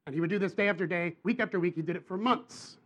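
A man preaches, his voice sitting a little higher than most. He tells his story in an animated way, pushing up into emphatic bursts. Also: fast talker, highs cut off. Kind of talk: sermon.

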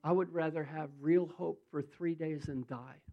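A man preaches from the pulpit in a high, raspy-edged voice. He tells stories by acting out each speaker's lines, then rises into fervent prayer. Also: fairly even intonation, moderate pace, muffled recording. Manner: storytelling, acts out quotes, builds to fervent prayer. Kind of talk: sermon and prayer.

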